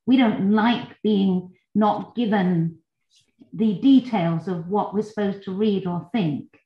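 A woman's voice: medium pitch, takes it slowly. A woman from England in a book club discussion on a video call, earnest, apologetic, and enthusiastic about the novel. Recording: dull, echoey video-call audio.

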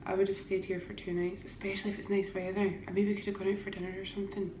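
A woman's voice: mid-range voice, little pitch movement, very fast, warm tone, slight background noise. A woman with a Scottish accent, chatting enthusiastically to a handheld camera in a hotel room. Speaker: vlogger. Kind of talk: casual vlog chat. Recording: echoey room.

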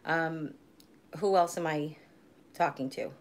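A woman in her forties with a fairly low voice talks to her viewers in a loose, rambling way. She chats casually and laughs easily as she goes. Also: steady tone, slow pace. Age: 40s. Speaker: vlogger hosting a live stream. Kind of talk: casual live-stream chat.

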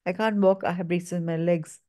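A woman's voice: lowish voice, steady tone, a little fast, mellow, natural voice. A woman reading the lines of a frightened woman reliving a fire, in gasping, pleading bursts. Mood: panicked.

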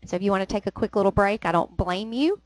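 A woman's voice: medium pitch, quick pace, dry recording, low-quality recording. A woman teaching a literature lesson, explaining lines of a poem with frequent "um"s. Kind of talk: recorded lecture.

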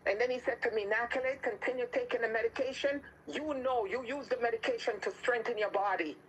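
A woman's voice: a little high, fast, slight background noise, low-quality recording. A woman with a Jamaican accent sharing her healing testimony, then praying with rising fervor. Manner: fervent, repetitive, rising into commanding prayer.

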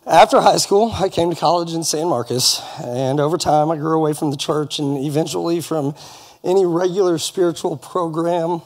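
A man's voice: a little high, moderate pace, darkish tone. A middle-aged man giving an earnest, folksy personal testimony to a church congregation, with touches of light humor. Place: church service in front of a congregation.

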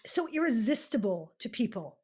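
A woman speaking as an interview guest and coach, talking in an animated, playful way with fast bursts over a video call. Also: on the high side, slightly rough. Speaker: guest, swagger coach and author. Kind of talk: casual interview chat.

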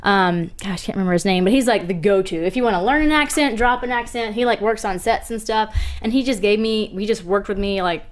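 A woman in her twenties from Georgia with a softened Southern accent, chatting as a guest in a studio interview, giggly and bubbly. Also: mid-range voice, brisk. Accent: Southern US, toned down. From Georgia, USA. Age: 20s. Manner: giggly, bubbly, laughs often. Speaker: actress, guest. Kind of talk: casual interview chat.

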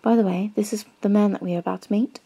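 A woman gently reading a storybook aloud in a soft-spoken ASMR style, dropping into whispers at times. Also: medium pitch, steady tone, fast, gravelly, husky, low-quality recording. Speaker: ASMR reader.

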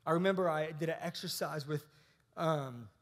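In a large church hall, a man in his thirties delivers a relaxed, conversational sermon as pastor. His voice is fairly high and his pace moderate, and he frequently begins sentences over.

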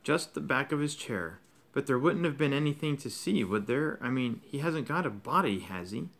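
A man reading aloud, voicing a curious, anxious teenage boy wizard a little higher and quicker than his own voice. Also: animated, creaky, a bit bright.

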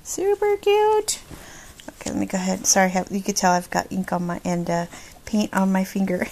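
A woman's voice: lowish voice, little pitch movement, fast, vocal fry, a little mellow, slight background noise. A middle-aged woman chatting casually in a craft vlog, bubbly and gushing, laughing often. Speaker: craft vlogger. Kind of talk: casual chat.

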